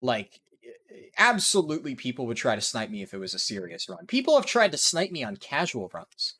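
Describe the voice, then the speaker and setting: A man gives ranting commentary over his speedrun gameplay, swearing constantly and sounding exasperated. His pitch moves a lot, and his voice sits at a middle pitch for a man. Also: wildly swooping pitch, a little fast, bright, forceful tone, husky. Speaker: speedrunner and video creator.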